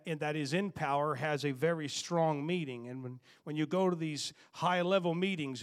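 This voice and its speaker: A man's voice: fairly high pitch, clean tone. A man preaching a sermon, reading scripture aloud, then praying and preaching with emphatic bursts and playful jabs at the congregation.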